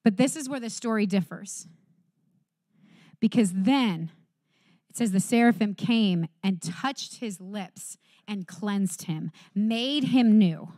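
A woman giving a sermon, reading scripture aloud and preaching earnestly, rising bright at times and dropping to soft quiet emphasis. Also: medium pitch, no room sound, clean studio sound.

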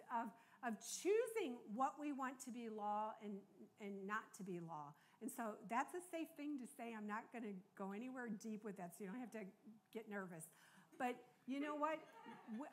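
Earnest older woman preaching. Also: on the high side. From United States. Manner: conversational, earnest, asks the congregation for agreement. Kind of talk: sermon.

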